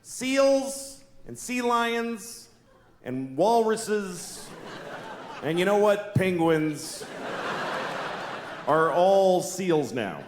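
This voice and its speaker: A man voicing a male scientist who announces on television, slow and deliberate. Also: sits high, very animated, roomy sound, slight background noise, exaggerated voice. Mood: announcing.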